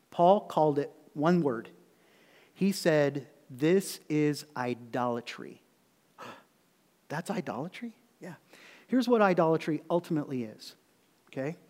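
Preaching man in a reverberant church. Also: a little high. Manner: conversational preaching with rising emphatic peaks. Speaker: pastor. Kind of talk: sermon. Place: church sanctuary.

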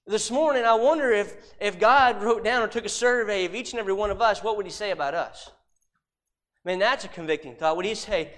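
A man preaching a sermon, emphatic, repeating rhetorical questions and dropping suddenly to a hush. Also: high-pitched, lively intonation, normal speed.

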